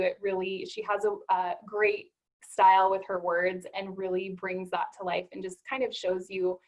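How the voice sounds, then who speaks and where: A woman's voice: medium pitch, rough recording. A woman naturopathic doctor hosting an interview, talking in an encouraging way and often stressing "absolutely". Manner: warm encouraging, emphatic with "absolutely". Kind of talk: conversational interview.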